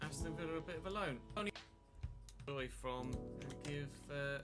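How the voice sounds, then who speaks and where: Male streamer, fairly high voice, chatty and wry, game music underneath. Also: normal speed. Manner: chatty, wry, replies to live chat. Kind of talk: casual game commentary.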